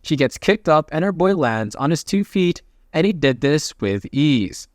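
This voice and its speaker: A man narrating a comic recap in a casual, jokey play-by-play with quick asides. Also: fairly high pitch, big pitch swings, dry recording, studio quality.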